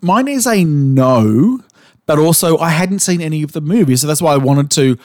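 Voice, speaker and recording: On the high side with a darkish tone, this Australian man speaks animatedly at a moderate pace as a podcast co-host. He asks probing questions in casual chat and occasionally swears; the studio sound is clean with no room sound.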